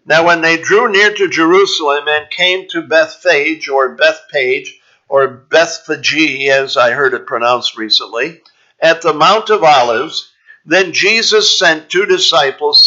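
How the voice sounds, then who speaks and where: A man teaching from scripture in a sermon, his voice a bit higher than most and bright and forceful. He talks in a measured, explaining way with frequent "uh" pauses. The recording sounds dull and lo-fi. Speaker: preacher.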